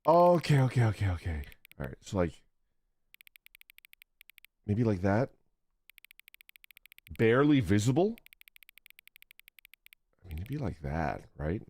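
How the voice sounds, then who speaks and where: A man's voice: lowish voice, sing-song, takes it slowly, long pauses, a little mellow, dry recording. A man streaming a game, laughing a lot and getting flustered as he struggles to read German menus. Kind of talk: casual gameplay livestream.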